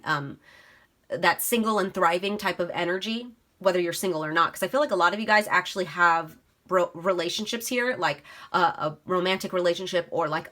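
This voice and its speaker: A woman with a lowish, slightly bright voice gives a casual tarot reading. She chats away, speaks straight to her viewers, and swears freely.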